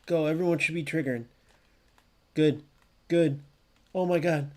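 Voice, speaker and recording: A young man streaming a football video game, reacting loudly to plays, swearing often and answering viewers in chat. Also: fairly high pitch, steady tone, measured pace. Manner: chats with live viewers by name. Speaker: gaming streamer. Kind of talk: live gameplay commentary.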